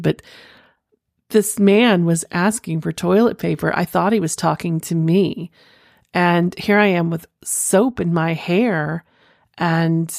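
A middle-aged woman hosts a podcast, reading an erotic listener letter and then riffing on it with giggly, wandering asides. Her voice sits low and has a gravelly edge, and the recording is dry and close. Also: a little mellow, dry recording. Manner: chatty, giggly, rambling asides. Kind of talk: erotic confession reading and casual commentary.

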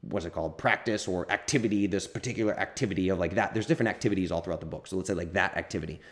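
Man, podcast host, deep low voice, loose rambling chat, self-correcting, swears casually. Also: rapid-fire. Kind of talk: casual solo podcast answering listener questions.

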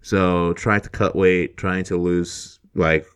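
A man's voice: low-pitched, fairly even intonation, takes it slowly, clear, resonant tone. A man co-hosting a live-streamed podcast, chatting in an easygoing way and chuckling often. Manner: easygoing, chuckling, many fillers. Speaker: podcast co-host. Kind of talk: casual live-stream chat.

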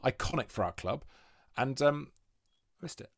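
A man telling an animated story in casual podcast chat, swearing and laughing as he goes. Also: medium pitch, unhurried, creaky, no room sound, clean studio sound. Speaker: podcast guest.

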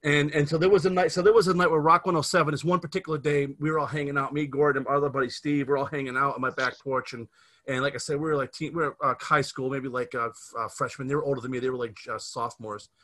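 A man's voice: medium pitch, steady tone, quick pace, a bit bright. A man in his fifties from the Scranton area of Pennsylvania, hosting a casual podcast and telling a rambling story full of restarts. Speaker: podcast host.

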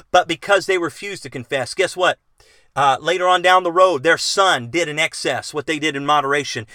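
A man's voice: fairly high pitch, pushed and bright, dry recording, clean studio sound. A middle-aged man preaching a bible lesson, reading scripture aloud and explaining it with earnest questions to his listeners. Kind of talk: bible teaching sermon.

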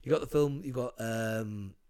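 Male co-host, casual film talk, rambling storyteller, mid pitch. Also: normal speed, dark tone, clean tone. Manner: rambling, retells scenes with quoted lines. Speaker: podcast co-host. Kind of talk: casual film review chat.

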